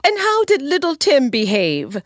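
A woman voicing a bustling, warm working-class mother who fusses over her family. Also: high-pitched, huge pitch swings, a little slow, dry recording, studio quality, pitched above the performer's own voice, heavily acted. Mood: fussing.

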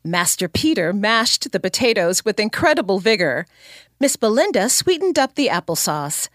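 Expressive woman reading a storybook. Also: normal speed, dry recording, clean studio sound. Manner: expressive storytelling, lively pitch. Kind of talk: scripted narration of a classic story.

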